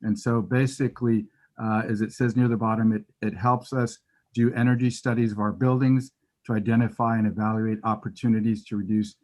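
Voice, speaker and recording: A man's voice: on the low side, level tone, fairly quick, darkish tone. A man giving a facilities presentation to a committee over a remote call, explaining steadily with some fillers. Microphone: remote call audio.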